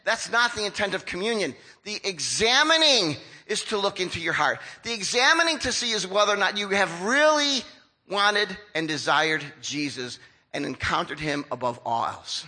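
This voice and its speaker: High, sharp-toned older male preacher. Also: moderate pace, rough recording. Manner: conversational, lively preaching that acts out voices of people. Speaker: pastor. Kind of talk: sermon.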